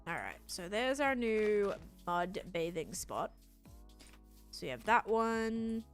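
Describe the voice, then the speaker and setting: A woman's voice: mid-range voice, animated, slow pace, soft background music. An Australian woman chatting on a live game stream, thinking aloud as she builds and answers her chat.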